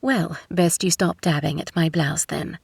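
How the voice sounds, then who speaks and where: A woman voicing a refined, composed young woman with a crisp British accent, in an audiobook romance. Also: deep voice, steady tone, a little slow, dry recording, full character voice. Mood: politely firm. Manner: crisp, politely insistent.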